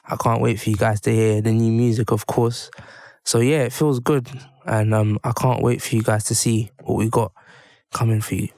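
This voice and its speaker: A man, a music group member answering interview questions in a relaxed, easygoing way. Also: fairly low pitch, normal speed, dry recording, clean studio sound. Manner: relaxed, easygoing, slight hesitations. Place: radio studio. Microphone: studio microphone.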